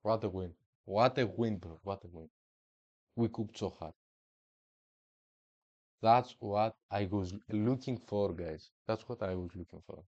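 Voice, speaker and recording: A man streams a football management game with playful, slangy hype and trash talk. His voice sits on the low side and he talks at an unhurried pace. The sound is slightly muffled and dry. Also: darkish tone, no room sound. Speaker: gaming streamer. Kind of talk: casual gameplay commentary.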